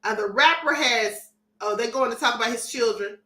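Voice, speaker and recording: Sassy high-voiced woman streamer. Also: moderate pace, bright, forceful tone, echoey room. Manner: sassy, defiant and emphatic, often laughing. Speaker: host of a live-stream commentary show. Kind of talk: livestream commentary reading chat comments.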